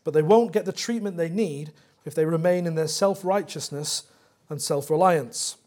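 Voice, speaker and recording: A man's voice: fairly high pitch, moderate pace, warm tone. A man preaching a sermon as pastor, explaining scripture verse by verse with earnest emphasis.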